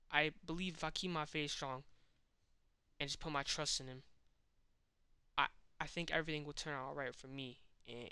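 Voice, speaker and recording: A man's voice: mid-range voice, sharp tone, clear, resonant tone, no echo. A young man talking casually and candidly to camera, in a slangy, self-reflective way. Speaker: vlogger. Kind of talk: casual personal monologue.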